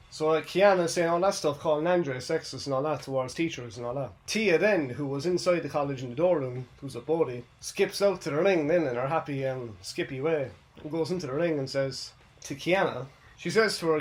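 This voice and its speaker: A young man hosts a loose, casual wrestling recap. His voice sits a little higher than most men's. He rambles from point to point and keeps tagging his sentences with "you know what I mean". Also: brisk. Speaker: host.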